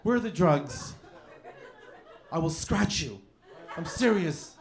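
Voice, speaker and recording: A lazy, overweight cat-man superhero speaks in a high, prissy whine, as a comedian puts him on. He threatens to scratch without much conviction. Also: animated, takes it slowly. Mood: whiny. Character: effeminate fat cat-burglar superhero man.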